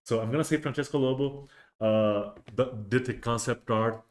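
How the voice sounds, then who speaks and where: A man's voice: mid-range voice, moderate pace. A man hosting a casual livestream, rambling with many restarts and fillers. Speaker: host of a miniatures livestream.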